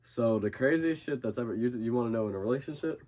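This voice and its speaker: A young man guesting on a podcast talks fast in a medium-pitched, somewhat dark voice. He tells a casual story, swearing constantly, and acts out his friends' panicked voices. He's a boxer.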